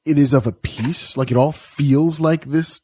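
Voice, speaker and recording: A man's voice: fairly high pitch, steady tone, measured pace, warm tone, slightly rough. A man co-hosting a podcast, chatting casually and wryly about a film. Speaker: podcast co-host. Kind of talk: casual film review chat.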